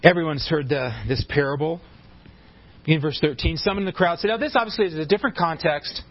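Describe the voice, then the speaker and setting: A man's voice: fairly high pitch, a little fast, lo-fi sound. A pastor preaching a sermon, emphatic and often restarting and repeating his words mid-sentence.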